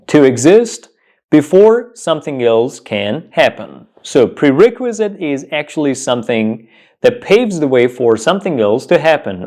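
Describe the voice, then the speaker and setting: A man teaching English pronunciation, repeating each word slowly and clearly for learners. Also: mid-range voice, a little mellow. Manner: repeats words slowly and emphatically. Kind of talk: pronunciation lesson.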